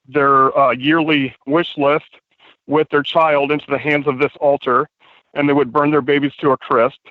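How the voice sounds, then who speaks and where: A man's voice: mid-range voice, no room sound. Guy on a phone call outside walking, kinda out of breath, rambly earnest talk, tinny dry line. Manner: earnest, rambling with frequent fillers. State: slightly out of breath. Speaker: caller. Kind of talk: casual call-in chat. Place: outdoors, walking in the cold.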